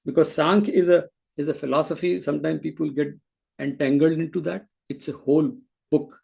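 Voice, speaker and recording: Gravelly, husky male scripture teacher. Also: on the high side, steady tone, brisk, a little mellow. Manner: explanatory, with frequent restarts. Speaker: spiritual teacher. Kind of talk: scripture class lecture.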